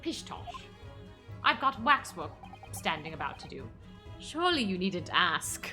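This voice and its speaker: A vain, airy gentleman detective, as a woman puts him on in a lowered, theatrical voice that still rings bright. He talks in a breezy, dismissive manner over soft game music. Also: sing-song, measured pace, heavily acted. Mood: breezy, haughty. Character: pompous eccentric male detective, vain and dismissive.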